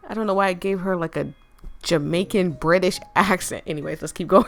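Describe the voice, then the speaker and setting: A woman's voice: lowish voice, fairly quick, creaky. Brief: casual female game streamer, slangy and chatty, faint music behind. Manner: chatty, slangy, laughs a lot. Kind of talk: casual gameplay commentary.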